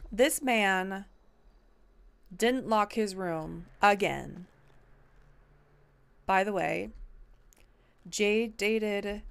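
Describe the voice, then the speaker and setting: A woman's voice: medium pitch, vocal fry. A woman streamer talking in character during a game roleplay, frustrated and rambling, swearing often and full of fillers.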